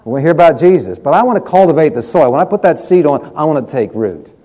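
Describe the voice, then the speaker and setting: A man's voice: a little high, lively intonation, fast talker, warm tone. A middle-aged man preaching a sermon, telling stories from his counseling in an earnest way, often repeating words as he goes.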